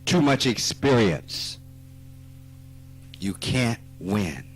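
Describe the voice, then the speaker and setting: A man with a Southern US accent giving a spiritual talk, slow and emphatic, teasing his listeners and rising into animated outbursts. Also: mid-range voice. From Mississippi. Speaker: spiritual teacher. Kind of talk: spoken dharma talk. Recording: archive talk recording with faint music.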